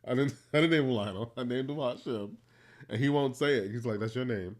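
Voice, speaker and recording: A man's voice: mid-range voice, brisk, darkish tone. Guy cohosting a podcast, playful and teasing, laughs easy. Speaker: podcast co-host. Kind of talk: casual storytelling chat.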